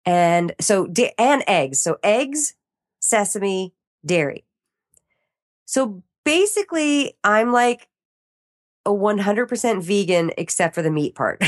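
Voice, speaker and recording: A woman talking as a podcast guest in casual interview chat, animated and often laughing as she acts out her own reactions. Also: mid-range voice, slow pace, pauses often.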